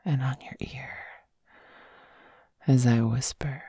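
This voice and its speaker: A woman's voice: rumbling low, steady tone, takes it slowly, warm tone, slightly rough, dry recording. A woman in an intimate whispered role-play, speaking in a teasing, commanding way close to the ear. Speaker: audio role-play performer.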